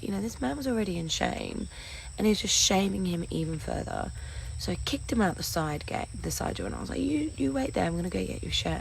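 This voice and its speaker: A woman telling a personal story in earnest, rambling speech that keeps slipping into breathy half-whispers. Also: on the low side, a little mellow, slight background noise, low-quality recording. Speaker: storyteller in a social video.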